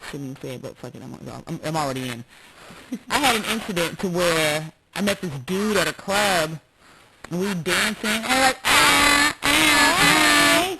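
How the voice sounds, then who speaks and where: A woman's voice: fairly low pitch, expressive. A woman hosting a podcast, talking in a brash, candid way and laughing at her own stories. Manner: brash, candid storyteller, quick to laugh at herself. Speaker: podcast host. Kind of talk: casual chat. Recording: loud background noise.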